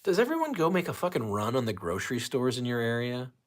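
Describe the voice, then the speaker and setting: Ranting profane man, lively voice. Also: medium pitch, fast. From St. Louis, USA. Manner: ranting, profane, reads chat aloud. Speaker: livestream host. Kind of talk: casual livestream chat.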